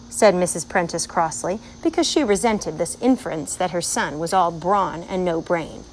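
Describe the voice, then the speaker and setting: Lady reading a kids story out loud, steady and clear. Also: on the low side, moderate pace, a little hiss or hum, poor audio. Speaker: narrator.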